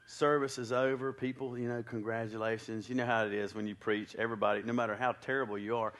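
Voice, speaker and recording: A male preacher telling a story from the pulpit in a folksy, conversational way. He tosses joking asides to the congregation between the beats of his story. His voice sits at an ordinary middle pitch for a man. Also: fairly even intonation, fast, fairly bright tone.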